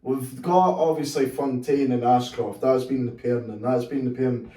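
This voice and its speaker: A man's voice: medium pitch, steady tone, moderate pace, dark tone, distant mic. Laid-back man in echoey room. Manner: laid-back, agreeable, frequent "aye" and "yeah". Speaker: podcast co-host. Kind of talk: casual chat.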